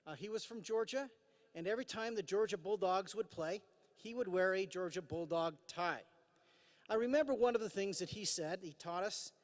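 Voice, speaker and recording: A high-voiced man in his fifties delivers a formal commencement address at a podium mic. He sounds earnest, with frequent "uh" fillers and dry self-deprecating humor. His voice rings out with a long reverb in a large hall. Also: moderate pace. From Idaho, USA. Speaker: commencement speaker. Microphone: podium microphone.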